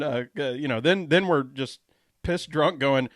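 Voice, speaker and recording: A podcast host from the Atlanta area, this man tells stories in a laid-back, casual way, packed with fillers. His voice is fairly high and his pace measured, captured on a dry close mic with no room sound.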